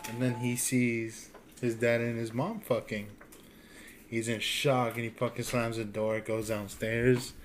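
A man's voice: on the low side, a little hiss or hum. A young man co-hosting a casual podcast, telling a crude joke full of swearing and acted-out voices. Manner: swearing storyteller, acts out voices. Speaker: podcast co-host.

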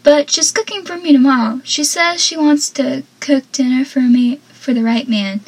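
A woman's voice: high-pitched, moderate pace, rough recording. A woman reading out the lines of a cocky teenage boy who teases and then bluntly confronts his best friend. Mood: teasing. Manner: teasing, then blunt and annoyed.

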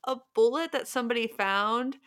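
A woman's voice: on the high side, normal speed, a bit bright, smooth. A young woman co-hosting a casual podcast, playful and teasing. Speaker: podcast co-host.

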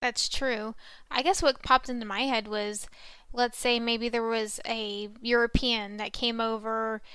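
Chatty podcast woman, slightly high voice with a dry close mic, giggly asides. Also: little pitch movement, measured pace, fairly bright tone, clean tone, no room sound. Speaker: podcast co-host. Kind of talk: casual chat, telling a legend.

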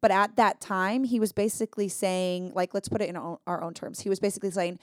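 A woman talking through a Bible passage in a casual, earnest way, leaning hard on the points she cares about. Her voice sits at an ordinary middle pitch. The sound is dry and close. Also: steady tone, fast, no room sound. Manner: earnest, emphatic, thinking aloud with fillers. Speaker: podcast co-host. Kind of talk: casual Bible study chat.

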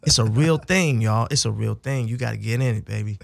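Gravelly-voiced man telling animated stories. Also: medium pitch, a little fast, no room sound. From United States (south side of Chicago). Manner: animated storyteller who swings from hushed to loud and laughing, says "y'all" and "baby". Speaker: interview guest, military veteran. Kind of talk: casual storytelling conversation.

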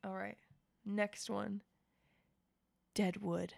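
A woman's voice: medium pitch, level tone, extremely slow, creaky, heavy background noise. A woman co-hosting a casual chat podcast, running a playful quiz game with lots of laughs and jokes. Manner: playful, giggly, jokey quizmaster.

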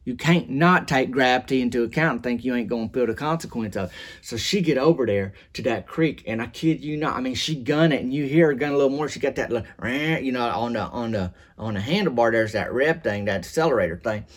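Guy drawling out a rambly deadpan yarn, folksy, mid pitch. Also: fast. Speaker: comedic storyteller. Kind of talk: deadpan character monologue.

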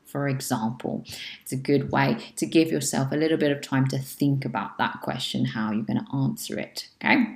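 A woman's voice: very deep voice, normal speed, a little mellow, roomy sound. A woman teaching English exam speaking tips, checking in with frequent "okay?" and acting out sample answers with exaggerated intonation. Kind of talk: spoken exam tips lesson.

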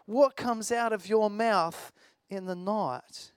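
A man's voice: high-pitched, takes it slowly, clean tone, dry recording. A man preaching a sermon in a conversational, storytelling way, with a self-deprecating personal anecdote.

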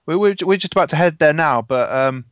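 A man's voice: fairly high pitch, lively intonation, a little fast, a bit bright, clear, resonant tone, no echo. Stammering, rambling male player. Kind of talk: casual tabletop game chat.

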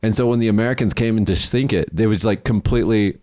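A man's voice: on the low side, quick pace, a little mellow, dry recording, clean studio sound. A man in his thirties who co-hosts a podcast, telling a long story with plenty of swearing and laughter. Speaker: podcast co-host. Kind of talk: casual storytelling chat.

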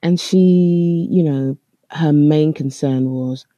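A speaker, earnestly telling a personal story in a halting way with frequent restarts. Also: medium pitch, warm tone, no room sound, dull audio. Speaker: storyteller recounting a personal experience. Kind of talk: first-person spoken account.

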